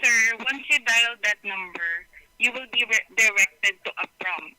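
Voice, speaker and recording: A woman's voice: a little high, normal speed, pushed and bright, no room sound. A woman working as a customer service agent, speaking politely but firmly on a call. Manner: polite, apologetic, firm. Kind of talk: call center phone talk. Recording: thin phone line.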